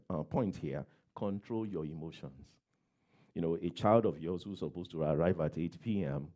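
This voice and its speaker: A man's voice: low-pitched, warm tone. A man preaching a sermon as a pastor, giving plain advice, repeating key phrases and acting out everyday quotes.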